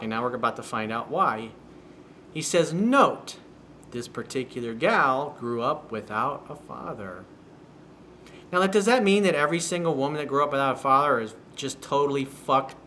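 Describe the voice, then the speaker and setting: The man's voice is medium in pitch, pushed and bright, with a little hiss or hum on the recording. He's a dating coach reading a viewer's email and responding in a blunt, profane, sarcastic style, as solo video newsletter commentary recorded in a home room with workers outside the window.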